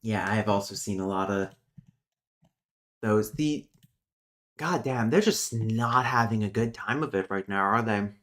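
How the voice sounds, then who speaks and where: A man hosting a casual live-stream lesson, reading his notes aloud and breaking off to think out loud with muttered asides. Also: fairly low pitch, a little slow, pauses often. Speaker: streamer teaching linguistics.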